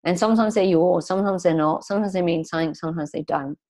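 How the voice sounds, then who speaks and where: A woman's voice: lowish voice, quick pace. Woman coach retelling a client story. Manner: lively storytelling, acting out quoted dialogue; earnest, emotional when recalling. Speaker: transformational coach. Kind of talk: interview guest telling a client story.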